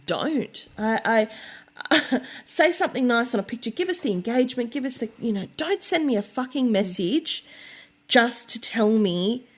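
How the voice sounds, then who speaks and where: A woman with a fairly high voice, co-hosting a casual podcast. She rants with plenty of swearing and stops and restarts her sentences as she talks. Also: expressive, moderate pace. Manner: ranting, swears freely, frequent restarts. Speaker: podcast co-host.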